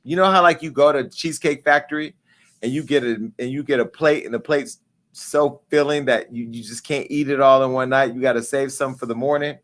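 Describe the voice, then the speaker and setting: A man in his forties hosting a live talk show, telling a story in a casual, profane way and acting out the dialogue with lively jumps in pitch. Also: a little fast. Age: 40s. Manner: animated, acts out quoted dialogue with pitch jumps.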